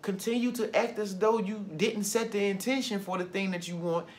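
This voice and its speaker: Man, high voice, casual motivational vlogger who repeats key phrases. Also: steady tone, moderate pace, a little hiss or hum. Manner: loose, conversational, repeats phrases for emphasis. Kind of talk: motivational talk to camera.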